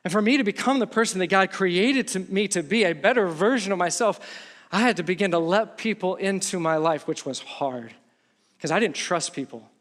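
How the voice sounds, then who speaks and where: Animated storytelling pastor in a reverberant hall. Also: male voice, high-pitched, normal speed. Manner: animated storytelling, acts out quotes. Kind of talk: sermon. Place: church sanctuary. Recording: long reverb of a large hall.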